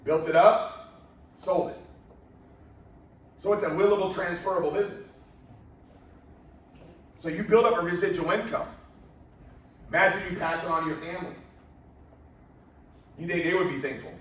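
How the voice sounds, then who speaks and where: A male business presenter gives an energetic, motivational sales talk, posing rhetorical questions to the crowd and telling animated stories. His voice sits high at a normal speed with frequent pauses. It's recorded from far off in an echoey room, with a little hiss or hum.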